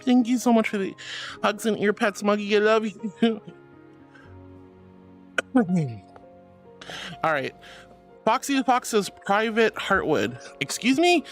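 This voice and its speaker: A woman streamer chatting casually with viewers, playful and giggly, calling them sweetie and honey. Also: mid-range voice. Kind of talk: casual chat reading out viewer messages. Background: faint background music.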